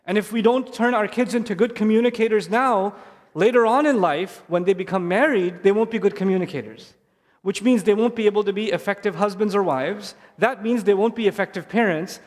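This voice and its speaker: High-voiced man lecturing in a reverberant hall. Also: fairly quick. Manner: earnest, conversational, with repeated emphatic phrases. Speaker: Islamic speaker addressing families. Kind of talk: live lecture to an audience. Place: stage in a large hall. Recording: long hall reverb from a live event.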